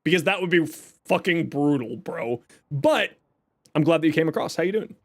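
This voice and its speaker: A young man streams a game in an animated voice on the high side at a moderate pace. He chats casually with viewers, reads chat aloud, jokes, and explains his build.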